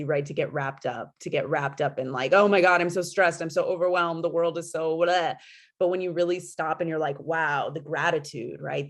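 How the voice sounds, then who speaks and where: Host, woman from California, deep voice, effusive, video call. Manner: warm, grateful, effusive. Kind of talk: facilitating a panel discussion.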